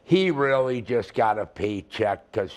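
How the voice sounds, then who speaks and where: Slow-talking older man telling stories. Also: on the low side, expressive. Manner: rambling, laughing, many restarts. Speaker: interview guest, retired wrestler. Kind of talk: casual storytelling interview.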